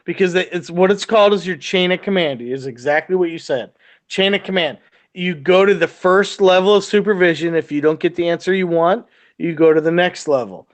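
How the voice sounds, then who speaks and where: A man who supervises in the military, chatting casually in a garage and telling animated stories, swearing often and acting out the people he quotes. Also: high voice, a little fast. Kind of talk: casual chat.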